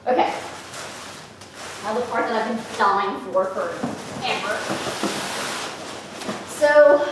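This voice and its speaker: A young woman from Louisiana, excitedly unboxing a package and gushing and gasping in delight. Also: mid-range voice, slight background noise. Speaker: vlogger. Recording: echoey room, from a distance.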